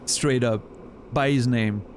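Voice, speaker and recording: A male game streamer talks at an ordinary middle pitch in a loose, rambling way. He muses aloud between moves in the game. He restarts his sentences often and breaks into chuckles. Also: fairly even intonation, takes it slowly, a little hiss or hum. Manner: rambling, chatty storyteller with frequent laughs and restarts. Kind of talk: casual chat while playing a game.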